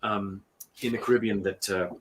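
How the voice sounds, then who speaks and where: A man who narrates audiobooks, telling studio stories in a lively interview with lots of fillers and restarts. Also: on the low side, normal speed, background noise. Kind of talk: conversational storytelling interview.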